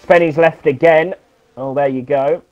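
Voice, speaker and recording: A man co-commentating a sim race, chatty and giggly, getting excited when cars battle. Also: a little high, a little slow, highs cut off.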